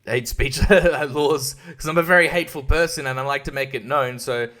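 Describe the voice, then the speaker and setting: A man's voice: medium pitch, steady tone, normal speed, fairly bright tone. An Australian man hosting a podcast, ranting in a casual monologue that is profane and sarcastic, laughing often. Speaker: podcast host and comedian.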